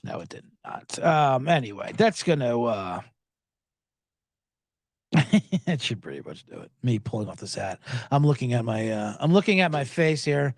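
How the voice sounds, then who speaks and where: A comedian hosting a podcast tells a story in an animated, exasperated way. His pitch swoops up and down as he riffs. The recording is close and dry. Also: normal speed, creaky, pauses often, no room sound. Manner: animated, exasperated riffing with swearing.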